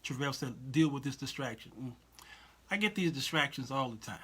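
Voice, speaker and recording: Talk show host: bright, animated man; repeats himself, keeps asking "you understand?". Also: mid-range voice, a little fast, a little hiss or hum. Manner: animated, repetitive, asks listeners "you understand what I'm saying?"; reads and answers viewer comments aloud. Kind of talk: casual Christian talk show commentary.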